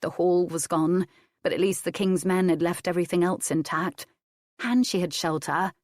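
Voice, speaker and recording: A woman narrates a historical romance in a measured, steady reading. Her voice sits low, and the recording is dry with no room sound. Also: no echo. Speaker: audiobook narrator. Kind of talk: scripted narration.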